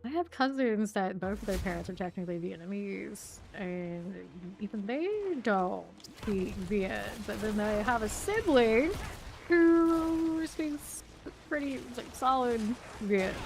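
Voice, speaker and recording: A woman, chatting casually while streaming a video game, chatty and quick to laugh. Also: mid-range voice, a little mellow, slight background noise. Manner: chatty, laughs often, trails off. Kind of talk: casual chat while gaming.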